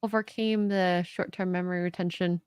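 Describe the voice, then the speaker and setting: A woman's voice: fairly low pitch, steady tone, moderate pace, a little mellow, clean tone, dry recording, studio quality. A woman co-hosting a podcast, chatting casually, reading out donation messages and laughing easily. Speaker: podcast co-host.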